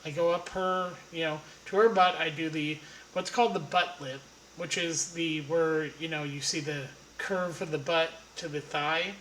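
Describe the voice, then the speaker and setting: Brief: male storyteller, bright forceful tone, blunt and crude, echoey room. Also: fairly high pitch, fairly even intonation, moderate pace, slight background noise. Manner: blunt, profane, rambling. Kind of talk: casual anecdote storytelling.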